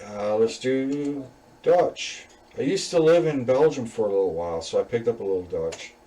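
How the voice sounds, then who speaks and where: A man talks through his coding assignment in a loose, easygoing way, full of "um"s, "you know"s and little laughs. His voice sits at an ordinary middle pitch and sounds a bit distant from the microphone. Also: moderate pace. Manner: relaxed, rambling, many fillers and chuckles. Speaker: student presenting a class assignment. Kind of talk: casual screen-recorded code walkthrough.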